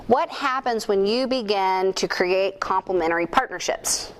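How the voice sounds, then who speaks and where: An animated woman addresses a conference crowd through a microphone. She tells workplace stories, asks the audience questions and pokes fun at herself. Faint room noise sits under her mid-pitched voice. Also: moderate pace. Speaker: conference speaker. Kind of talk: lively keynote talk to an audience. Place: conference room at a chamber of commerce. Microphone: handheld or stage microphone.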